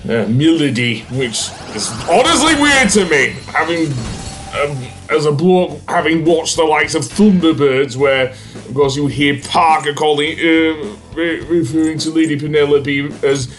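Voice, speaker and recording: A man's voice: fairly high pitch, lively intonation, a little slow, soft background music. A man hosting a let's play, chatting casually over his gameplay with lots of fillers and self-corrections.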